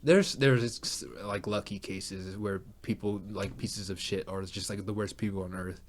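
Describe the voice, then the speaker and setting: A man's voice: lowish voice, steady tone, measured pace. A young man co-hosting a podcast in casual chat, rambling with restarts and swearing freely. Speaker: podcast co-host.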